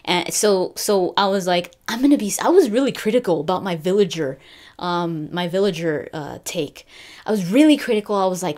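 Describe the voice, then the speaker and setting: A woman vlogger talking casually about gaming news, chatty and animated, with many fillers and restarts. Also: fairly low pitch, moderate pace. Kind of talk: casual chat.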